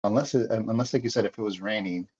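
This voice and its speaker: Male player, lowish voice, lo-fi mic, loose thinking-aloud delivery. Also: fast talker, a little mellow, slightly rough. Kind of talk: casual tabletop play.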